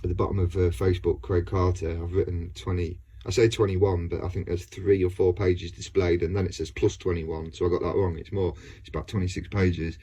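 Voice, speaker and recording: Man, husky, casual rambling vlog talk, hesitant with fillers. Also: low-pitched, little pitch movement, fairly quick, few pauses, dark tone. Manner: hesitant, many fillers and restarts, laughs often. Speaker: video blogger.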